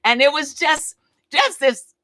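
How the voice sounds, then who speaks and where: Speaking slowly in a high voice with no echo, this livestream host, a woman in her seventies, candidly tells a story in a relaxed chat. She retells conversations with lively, animated quotes.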